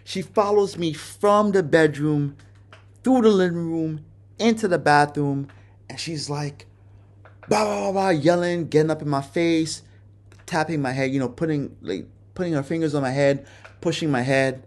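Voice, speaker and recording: A man's voice: fairly high pitch, moderate pace, a little mellow. A man hosting a podcast, telling a personal story in a candid, casual way and cursing often. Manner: candid, profane, conversational. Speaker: podcast host.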